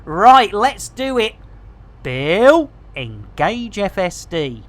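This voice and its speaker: A man's voice: high-pitched, very animated, extremely slow, fairly bright tone. A man rambling casually to his chat while streaming a game. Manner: chatty, rambling, jokey.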